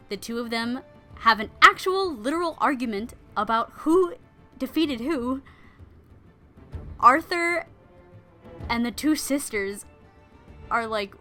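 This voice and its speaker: A woman's voice: on the high side, normal speed, pushed and bright, soft background music. A woman podcast host retelling an old legend in a chatty, playful storytelling style with casual asides.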